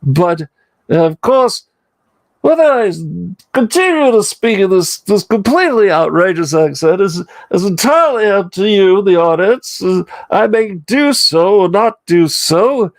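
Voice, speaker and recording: A pompous old professor with a lively, high voice that swoops all over, as a man puts him on for his livestream. He talks in a pedantic, plummy put-on accent and chooses every word with overblown formality. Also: a little slow. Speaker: livestream host.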